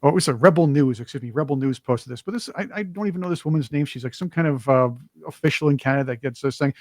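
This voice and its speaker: Host for a political talk show: a man with a slightly high voice who mocks with sarcasm and sounds dry and close. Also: quick pace, few pauses, no echo. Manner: mocking, puts on whiny voices to imitate opponents. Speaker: podcast co-host. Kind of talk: casual political commentary.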